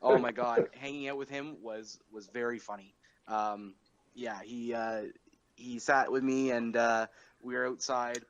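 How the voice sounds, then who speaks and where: A man's voice: medium pitch, fairly even intonation, unhurried, highs cut off. Young male podcast host, mid-range voice, casual and rambling. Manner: rambling, with many fillers and chuckles.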